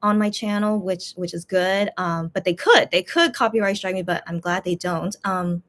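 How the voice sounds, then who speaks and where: A woman's voice: lowish voice, steady tone, moderate pace, fairly bright tone. A woman host chatting casually to her viewers, rambling with many fillers and restarts, frustrated and complaining. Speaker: YouTube channel host.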